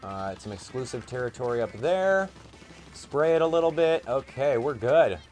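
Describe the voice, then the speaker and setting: A young man giving casual gameplay commentary, chatty and excitable, thinking aloud with plenty of fillers. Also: mid-range voice, moderate pace. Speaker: gaming YouTuber.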